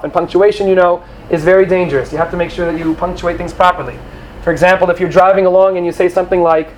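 A man giving an animated sermon to young students, acting out quoted voices and sprinkling in Hebrew terms. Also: high voice, fast, slight background noise, low-quality recording. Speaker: rabbi or teacher addressing students.

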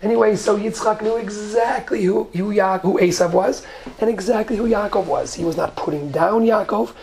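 A woman's voice: medium pitch, normal speed, gravelly, mellow. A woman teaching a Torah lesson, reading Hebrew verses and explaining them in English. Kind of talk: lecture on Genesis text.

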